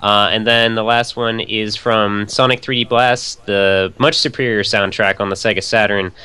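A man appearing as a guest on a casual podcast, introducing music in a relaxed, slightly rambling way. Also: lowish voice, normal speed, clean tone, no echo.

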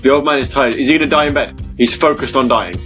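A man's voice: medium pitch, quick pace, a bit bright, faint music behind. A man hosting a casual chat show. He laughs often and turns mock-solemn when he reads aloud.

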